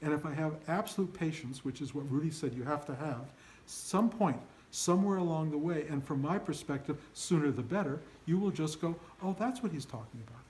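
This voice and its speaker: A man's voice: a little high, brisk, darkish tone, a little hiss or hum, low-quality recording. Earnest older man teaching students. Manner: earnest, emphatic, acts out students' inner voices. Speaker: spiritual teacher. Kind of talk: informal dharma talk to students.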